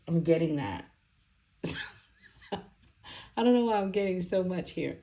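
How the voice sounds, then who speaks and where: A woman's voice: fairly low pitch, animated, slow, dark tone. A young woman giving a casual tarot reading, rambling with many fillers and frequent laughs. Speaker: tarot reader.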